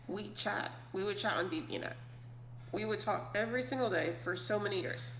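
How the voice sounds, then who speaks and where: A woman's voice: mid-range voice, fairly quick. A young adult woman chatting casually on a podcast, laughing often and filling her talk with "like" and "I mean.". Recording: roomy with faint hum.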